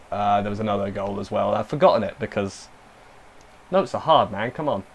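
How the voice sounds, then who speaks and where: A man's voice: on the low side, a little fast. A young man casually recapping and reviewing an anime episode, rambling with self-deprecating asides and lots of fillers.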